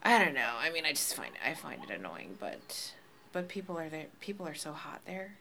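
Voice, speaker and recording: A woman's voice: low-pitched, sing-song, brisk, vocal fry, bright, forceful tone, a little hiss or hum. A woman chatting casually on a podcast, blunt and playful, often laughing.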